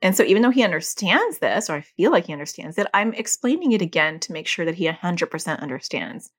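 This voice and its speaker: A middle-aged woman, a mother and parent educator, explaining casually and acting out quoted lines in a higher voice. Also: big pitch swings, fast talker. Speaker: parent educator teaching about OCD.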